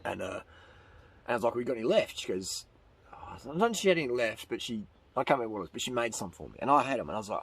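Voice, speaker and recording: A middle-aged man from Australia, hosting his own channel, telling a rambling, animated story with voiced quotes and laughs. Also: fairly low pitch, racing, breathy edge, rough recording. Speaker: channel host answering questions. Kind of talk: casual monologue.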